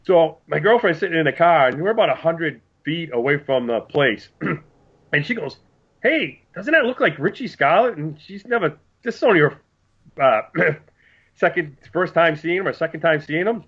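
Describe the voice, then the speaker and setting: A man's voice: fairly high pitch, moderate pace, husky. A man on a podcast who tells a story in casual chat and acts out what people said. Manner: animated storyteller, acts out quotes. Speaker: podcast co-host. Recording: dull lo-fi sound.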